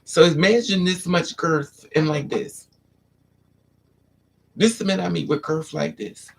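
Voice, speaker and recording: Gravelly, sassy woman livestreamer. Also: measured pace. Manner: sassy, blunt storytelling with "honey" and "child" asides; animated, swings into dramatic high-pitched put-on voices for others. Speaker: livestream host. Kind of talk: candid livestream monologue.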